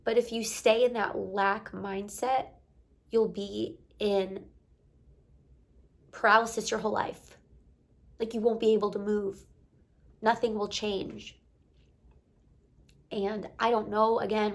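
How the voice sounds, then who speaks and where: A woman's voice: medium pitch, little pitch movement, slow, vocal fry, pauses often. A young woman talking earnestly to camera, giving a heartfelt motivational pep talk with repeated encouraging phrases. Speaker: motivational vlogger.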